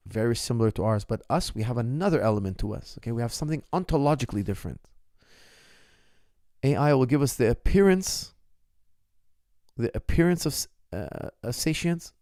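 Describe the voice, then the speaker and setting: A man's voice: mid-range voice, creaky, warm tone, no echo, clean studio sound. A middle-aged man, a martial arts coach, talking on his own and answering viewer questions in an impassioned, emphatic way, often repeating his phrases. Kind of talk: casual solo talk answering viewer questions.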